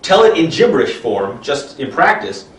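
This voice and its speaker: Man, improv trainer, animated and expressive, mid pitch, recorded at a distance in a roomy space. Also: moderate pace, a little hiss or hum. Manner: animated, speaks in expressive gibberish while performing. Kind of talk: explaining an improv exercise.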